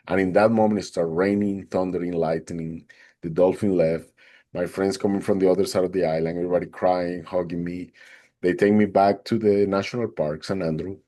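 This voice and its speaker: A man, a podcast guest, recounting a personal experience in an animated way and acting out the others' lines. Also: sits low, fairly quick. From Atlanta, Georgia, USA. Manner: animated, acts out the other people's lines in a raised voice. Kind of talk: personal storytelling.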